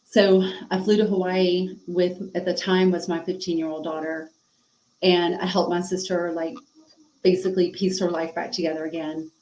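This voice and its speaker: A woman's voice: on the low side, little pitch movement, moderate pace, darkish tone, roomy sound, rough recording. A middle-aged woman guest on a podcast, telling a painful personal story frankly and emotionally, full of fillers and acted-out dialogue.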